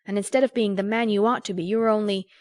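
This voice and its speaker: A woman reading an audiobook, voicing an earnest, sharp-tongued young woman who lectures a friend in a crisp, scolding way. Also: medium pitch, fairly even intonation, fast, no echo, studio quality, pitched above the performer's own voice, natural voice. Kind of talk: audiobook character voice.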